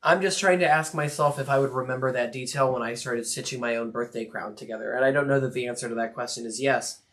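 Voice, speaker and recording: A man's voice: medium pitch, fast, a bit bright. Chatty, dry-humored male co-host. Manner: chatty, dry and joking, asks questions for viewers. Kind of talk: live stream banter.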